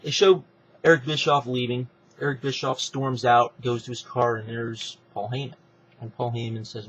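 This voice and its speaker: A man's voice: mid-range voice, normal speed, a little hiss or hum. A man telling a wrestling storyline in a casual monologue, acting out the characters as he goes, in a slightly muffled recording. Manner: animated retelling, acting out each character. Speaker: wrestling fan pitching a storyline.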